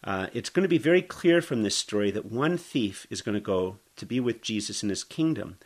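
A man's voice: fairly low pitch, lively intonation, brisk. A middle-aged man preaching a sermon, talking conversationally and explaining scripture as he reads it aloud. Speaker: pastor. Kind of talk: expository sermon.

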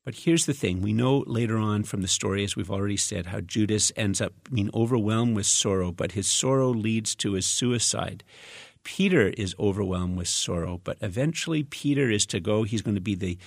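A man with a low, gravelly voice delivers a sermon, moving between scripture reading and relaxed explanation. The sound is close and dry, with no room around it. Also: normal speed, no room sound. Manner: reflective, conversational preaching with fillers. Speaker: pastor.

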